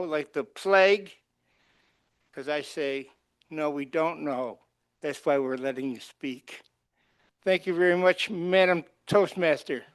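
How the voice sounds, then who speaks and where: A man's voice: on the high side, clear, resonant tone, no room sound. A man giving emphatic, joking advice at a club meeting. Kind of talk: meeting remarks.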